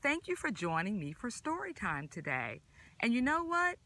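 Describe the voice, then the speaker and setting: A children's librarian reading a picture book aloud at story time, in an animated, exaggerated sing-song way and asking the kids questions. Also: female voice, fairly high pitch, moderate pace, poor audio.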